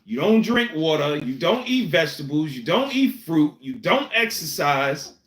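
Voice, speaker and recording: Man, high-pitched, blunt and preachy co-host, roomy room echo. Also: very animated, normal speed, fairly bright tone. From New York City. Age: 50s. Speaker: podcast co-host. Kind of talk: casual chat.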